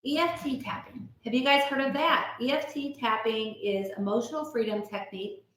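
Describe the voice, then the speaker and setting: A woman's voice: a little high, normal speed, fairly bright tone. A woman leading an online support group, chatty and encouraging, reading out comments and explaining self-help tools. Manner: chatty, encouraging, many restarts and fillers. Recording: very echoey room.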